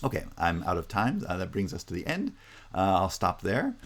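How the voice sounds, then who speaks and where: Low gravelly guy lecturing on linguistics, goes step by step, lots of uhs. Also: huge pitch swings, moderate pace, a bit bright. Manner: methodical, explains step by step; frequent "uh" fillers. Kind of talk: university lecture.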